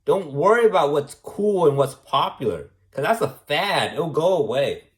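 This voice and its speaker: A man's voice: a little high, very animated, moderate pace. A man delivering a rambling, preachy monologue, repeating himself and tagging lines with "man" and "right". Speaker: vlogger.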